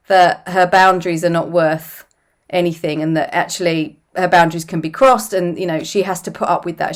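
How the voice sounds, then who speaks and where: A middle-aged woman coach speaking earnestly and unhurriedly in a reflective course talk, often repeating phrases and saying "you know.". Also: on the low side. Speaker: personal growth coach.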